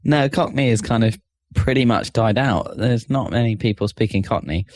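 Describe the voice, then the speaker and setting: A man's voice: mid-range voice, normal speed, a little mellow, no room sound. A British man co-hosting a podcast, explaining things in an easygoing way with chuckles. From Britain. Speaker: podcast co-host. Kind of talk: casual chat.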